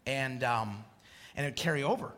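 A middle-aged male preacher from Idaho giving a passionate sermon, swinging from quiet confession to shouted exclamation. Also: medium pitch, moderate pace, in a large hall.

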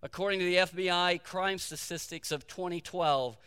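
Pastor, male, preaching in a church sanctuary; bright, forceful tone with a long echo behind. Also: high-pitched, moderate pace, smooth. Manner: storytelling preacher, repeats key phrases for emphasis. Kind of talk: sermon. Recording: long hall reverb.

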